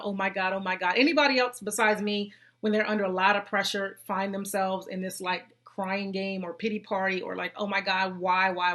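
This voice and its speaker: Bright, animated woman hosting a faith stream. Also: mid-range voice. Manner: animated and preachy, with slang and repeats. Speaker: host of a live faith and life-coaching stream. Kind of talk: casual live-stream chat, reading comments.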